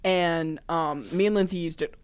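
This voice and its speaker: A young adult woman co-hosting a podcast, telling an animated story in casual chat. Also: lowish voice, moderate pace, smooth. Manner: animated storytelling with frequent fillers. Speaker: podcast co-host.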